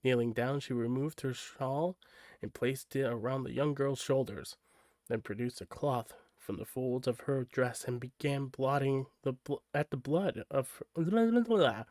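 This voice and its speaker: Male streamer narrating a book, casual, mid-pitched, easygoing asides. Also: steady tone, measured pace, darkish tone, dry recording, studio quality. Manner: casual, stops for asides and laughs at slips. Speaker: streamer reading a novel aloud. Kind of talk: live-stream read-aloud narration.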